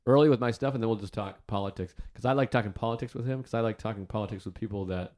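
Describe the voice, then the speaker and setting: A man hosting a podcast, chatting casually and making quick self-deprecating asides. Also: fairly low pitch, darkish tone. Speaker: podcast host. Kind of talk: casual chat.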